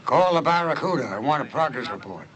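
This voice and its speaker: An actor playing a gruff, bossy mobster boss in dubbed film dialogue with a stereotyped mobster delivery. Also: male voice, on the high side, animated, quick pace, poor audio. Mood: commanding. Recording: film clip with loud background noise.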